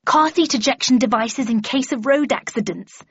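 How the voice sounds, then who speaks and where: A woman voicing a brisk, plucky middle-aged aunt who tests inventions, in a storybook reading. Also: fairly high pitch, slightly rough, no echo, highs cut off, voice pushed up.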